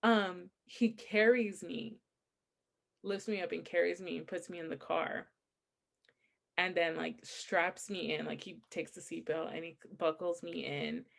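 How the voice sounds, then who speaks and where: A young adult woman co-hosts a casual podcast, her voice lowish and unhurried with some vocal fry. She tells a story with animation, laughing often and acting out quotes.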